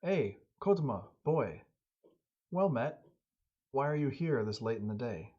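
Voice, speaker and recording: A man's voice: low voice, fairly even intonation, moderate pace, a little mellow, slightly rough. A man doing a wary old hunter. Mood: gruff welcome. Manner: suspicious, fatherly, calls the young man boy. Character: gruff older male hunter and trapper, wary. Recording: dull lo-fi audio.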